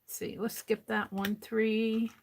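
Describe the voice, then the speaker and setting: An older woman hosting an art livestream, chatting casually to herself as she works and counting items out loud. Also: a little high, little pitch movement, gravelly, a little hiss or hum. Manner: unhurried, talks to herself while working, counts items aloud. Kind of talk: casual crafting livestream chat.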